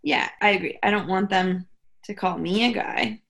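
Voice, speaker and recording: A young woman co-hosting a podcast, chatting casually and telling animated stories with quoted asides. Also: medium pitch, normal speed, creaky. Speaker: podcast co-host. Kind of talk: casual chat.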